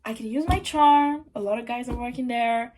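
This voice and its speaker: A woman's voice: on the high side, normal speed, a little mellow. A woman hosting a podcast, telling a story in a chatty, exasperated way, with many fillers and some swearing. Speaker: podcast host. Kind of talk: casual storytime monologue.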